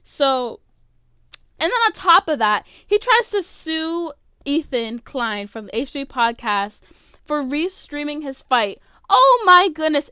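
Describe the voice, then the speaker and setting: A woman's voice: high-pitched, pushed and bright, no echo, clean studio sound. A woman hosting a podcast alone, giving casual opinionated commentary full of "like" fillers. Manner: chatty, opinionated, many "like" fillers. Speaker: podcast host.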